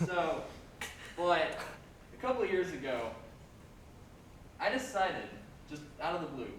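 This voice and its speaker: A young man, a student comic, performing a loud and emphatic open-mic stand-up set in a campus lecture hall, with many "uh" fillers. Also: fairly high pitch, expressive, normal speed, long pauses. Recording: roomy hall, distant mic, faint noise.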